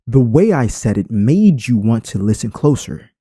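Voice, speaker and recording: A man talks through an unscripted tutorial, and his pitch keeps leaping up and dropping back as he punches his points. His voice is mellow and warm, and it sits dry and close with no room around it. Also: very animated, normal speed, breathy edge, no echo. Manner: unscripted, emphatic, swings inflection for effect. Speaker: YouTube creator. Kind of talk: screen-recorded tutorial talk.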